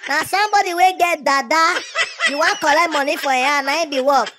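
A woman with a Nigerian accent acting in a comedy skit, loud and playful, mixing in Pidgin. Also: sits high, fairly quick, background noise. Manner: playful, loud, Pidgin-mixed, sings and shouts. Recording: music playing underneath. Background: music.

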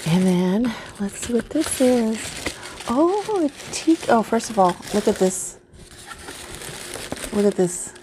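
A woman's voice: medium pitch, slow pace, long pauses, noisy background. A woman vlogger unboxing craft mail in casual chat, gushing and easily delighted.

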